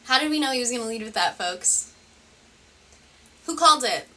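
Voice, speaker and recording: Sarcastic bright-voiced woman reacting. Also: fairly high pitch, lively intonation, moderate pace, distant mic. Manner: sarcastic, swearing, rambling. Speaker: commentary video host. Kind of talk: reaction commentary.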